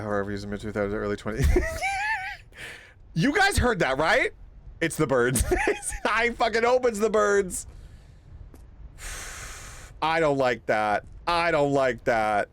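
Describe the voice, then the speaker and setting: Jumpy, animated young streamer man. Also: medium pitch, no room sound. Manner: jumpy, swears and laughs loudly at scares. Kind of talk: live horror game playthrough.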